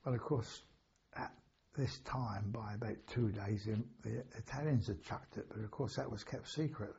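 An older man with a deep, gravelly voice that is very husky and mellow. He tells his story in a rambling, anecdotal way and corrects himself now and then. The recording sounds dull and lo-fi. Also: normal speed. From England. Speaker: interviewee, war veteran. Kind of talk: oral history recollection.

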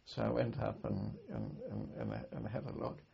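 An older man from Britain, a war veteran, recalling his service in an oral history interview, speaking haltingly with many restarts and repeated words. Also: lowish voice, wildly swooping pitch, creaky. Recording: dull lo-fi archive recording.

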